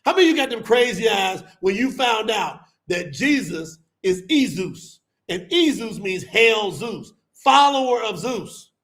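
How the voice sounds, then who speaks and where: Fired-up, very high-voiced male preacher. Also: a little slow, few pauses. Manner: animated, emphatic, bursts into shouting; colloquial, addresses listeners as y'all. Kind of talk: fiery sermon to a live audience.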